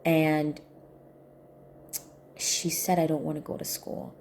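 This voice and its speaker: A woman telling a personal story to camera in an earnest, soft-spoken way, often repeating her points. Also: sits low, little pitch movement, takes it slowly, gravelly, slight background noise. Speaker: healing coach.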